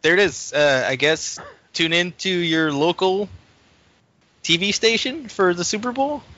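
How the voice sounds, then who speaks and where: A man's voice: high-pitched, a little slow, bright, forceful tone, no echo, muffled recording. A man co-hosting a casual podcast chat, joking and laughing often. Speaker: podcast co-host.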